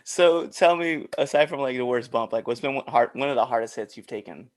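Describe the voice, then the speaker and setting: A man's voice: mid-range voice, a little fast. A man hosting a wrestling podcast, laid-back and laughing a lot in casual chat.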